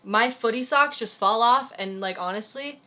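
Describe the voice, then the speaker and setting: A woman's voice: a little high, moderate pace, sharp tone. A young woman hosting a casual chat with her boyfriend, asking him questions and teasing his answers. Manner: chatty, teasing, asks questions. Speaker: channel host.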